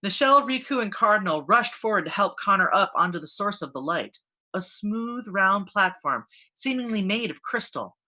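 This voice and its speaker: A woman narrating a fantasy story aloud, expressive and steady. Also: mid-range voice, normal speed. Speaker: fiction reader. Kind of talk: audiobook fantasy reading.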